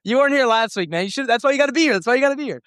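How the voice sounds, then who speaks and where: A man's voice: very high voice, animated, rapid-fire, fairly bright tone, clean tone, no room sound, clean studio sound. A young man preaching a sermon to students, telling a personal story earnestly and emotionally, with frequent restarts. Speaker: youth pastor.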